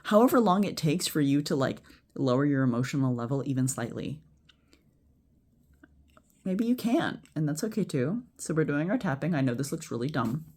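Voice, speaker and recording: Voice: medium pitch, very animated, normal speed, darkish tone. Casual at-home explainer, rambling and blunt, chant-like repetition and frequent restarts. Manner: blunt, occasional swearing. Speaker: healthcare worker teaching a friend. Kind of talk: casual spoken instruction. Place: at home before bed.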